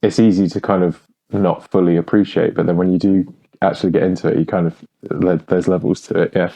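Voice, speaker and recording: A man hosting a podcast, asking relaxed, rambling questions in casual chat. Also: deep voice, a little fast, creaky. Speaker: podcast host. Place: podcast studio.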